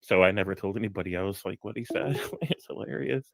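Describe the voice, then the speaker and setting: A man's voice: a little fast, creaky, dry recording. A man on a live discussion call telling a funny anecdote, laughing often and lifting his voice for quotes. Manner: animated storyteller, laughs often, breaks into higher quoted voices. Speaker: guest on a live discussion stream.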